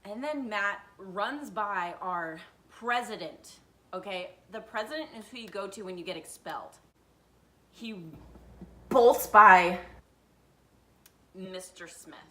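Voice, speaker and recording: Bright-voiced young woman telling a storytime. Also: medium pitch, slow, long pauses. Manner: animated, acts out quotes with swings in loudness. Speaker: vlogger. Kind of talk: storytime vlog.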